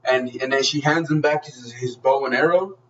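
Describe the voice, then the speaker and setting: A man's voice: medium pitch, moderate pace, a bit bright, recorded from a distance, muffled recording. A man giving a casual spoken movie review, gushing and swearing freely as he rambles through the plot with many restarts.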